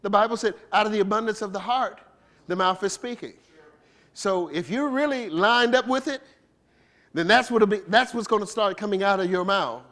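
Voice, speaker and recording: A man's voice: sits high, normal speed, fairly bright tone. A man preaching a sermon as a bishop, conversational and playful, asking the congregation rhetorical questions and laughing between points, with features.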